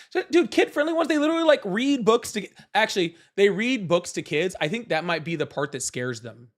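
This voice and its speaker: A man's voice: high-pitched, expressive, fast, few pauses, a bit bright. Sarcastic rambling male stream host. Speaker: livestream host. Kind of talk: live political chat stream.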